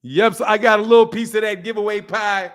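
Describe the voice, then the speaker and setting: High-voiced man ranting in disbelief. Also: fairly even intonation, brisk, a bit bright. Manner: profane, incredulous, repeats himself, laughing asides. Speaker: boxing channel host. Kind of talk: casual reaction rant.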